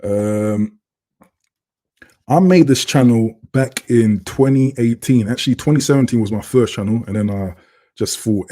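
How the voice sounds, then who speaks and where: Unhurried and dark-toned, a mid-range male voice belongs to a British livestream host. He keeps things casual and chatty, reading out viewer comments, all picked up by a computer webcam mic.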